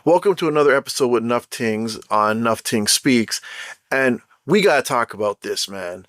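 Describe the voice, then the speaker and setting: Man, Jamaican accent, casual podcast host, blunt and slangy, mid-pitched voice, dry close sound. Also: normal speed, no echo. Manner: animated, blunt and chatty, slang-heavy. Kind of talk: casual solo podcast talk.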